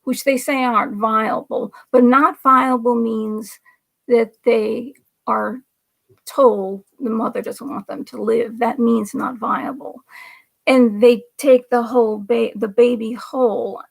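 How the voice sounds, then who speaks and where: A woman's voice: a little high, gravelly. A woman hosting a political commentary livestream, talking in a rambling, emphatic way and now and then dropping to a whisper for effect. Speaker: livestream host.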